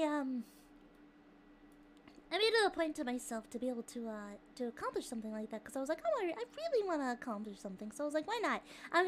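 A young woman streaming live, chatting with her viewers casually, excitable, laughing often and swearing freely. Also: high-pitched, slight background noise. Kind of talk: casual chat with a live chat audience.

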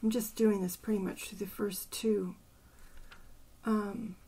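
Older lady talking through a poem slow and easy, kinda breathy, whispers the syllable counts. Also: medium pitch, little pitch movement. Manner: thinking aloud, softly counting syllables under her breath. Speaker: poetry channel host. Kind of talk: casual poetry analysis.

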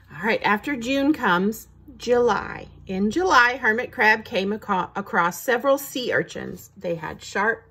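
Breathy woman reading a picture book. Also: mid-range voice, sharp tone. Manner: engaging, asks the listeners questions. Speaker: teacher reading to children.

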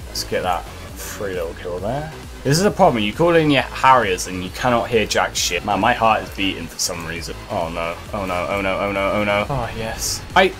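A man talks through his gameplay with a swinging, animated pitch that jumps up and down, cursing often as things go wrong. His voice sits at a middle pitch. Faint music plays behind him. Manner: frustrated, swearing a lot. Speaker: gaming commentator. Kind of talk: live gameplay commentary.

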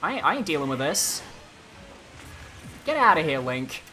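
A young man giving animated let's-play commentary, exclaiming and swinging between excitement and exasperation. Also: on the high side, moderate pace. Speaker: gaming YouTuber. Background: game music.

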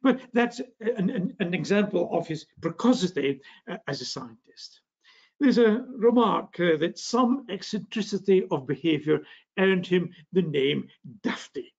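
A man's voice: high voice, expressive, a little slow, a little mellow, slightly rough, lo-fi sound. An older man with a northeast Scottish accent giving a public science lecture, genial, with frequent fillers and restarts. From Scotland. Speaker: physics lecturer.

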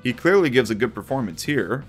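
A man hosting a video essay, talking through his opinions of a children's TV series in a relaxed, conversational way. His voice sits in the middle of the range and moves up and down a lot, with faint music under it. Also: mid-range voice, a little fast.

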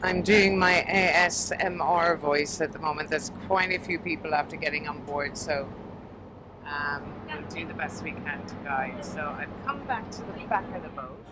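A woman's voice: low voice, normal speed. A woman narrating a river boat tour in a chatty, upbeat, informal way, recorded on an outdoor deck with a camera mic. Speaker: tour guide. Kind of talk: narrated walking-tour vlog. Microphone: camera mic, filming herself. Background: loud engine and water noise.

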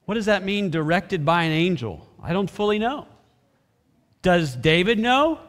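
High-voiced, bright preaching man. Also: a little slow. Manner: expressive preaching, acts out brief voices of biblical characters. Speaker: pastor. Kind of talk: sermon. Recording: reverberant hall.

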